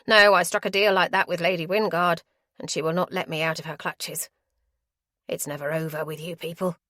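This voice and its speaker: A menacing, desperate villain, put on by a woman narrator, speaks in a low, threatening voice. The reading sounds close and dry. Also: very animated, measured pace, creaky, a bit bright, no echo, heavily acted. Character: desperate, menacing male criminal.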